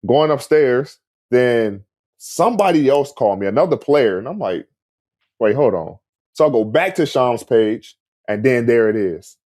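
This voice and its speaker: A man's voice: mid-range voice, unhurried, no room sound. A man casually telling a story, acting out quoted dialogue with lots of "like" and "man". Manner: animated, acts out quoted dialogue, frequent "like" and "man". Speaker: guest recounting a story.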